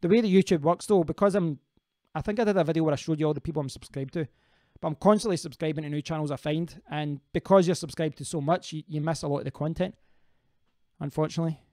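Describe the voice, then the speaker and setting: A man's voice: fairly high pitch, quick pace, warm tone, dry recording, studio quality. A man hosting a casual live stream, rambling as he answers viewers' comments and often restarting his sentences.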